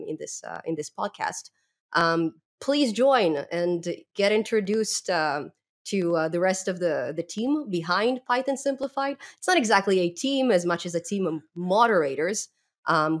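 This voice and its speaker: A young adult woman with a non-native English accent, chatting as a podcast guest, lively and laughing often between fillers. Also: on the low side. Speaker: podcast guest, Python educator. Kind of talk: casual interview chat.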